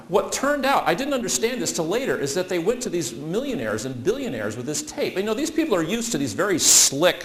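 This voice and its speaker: Male speaker, lively storytelling talk, big swings in pitch. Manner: animated storyteller acting out quoted voices.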